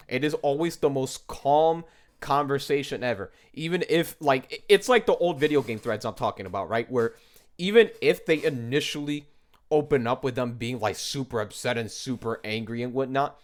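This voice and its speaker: A young man from the United States ranting in a casual monologue, exasperated and swearing often as he mocks what others say. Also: mid-range voice. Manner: exasperated, swears often, mocking quoted voices. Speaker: commentator.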